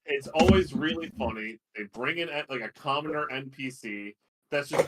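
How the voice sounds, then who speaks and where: A man running a tabletop game as game master, animated and often laughing as he talks. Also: medium pitch, moderate pace, a little hiss or hum, poor audio. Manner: animated, laughs often while defending himself.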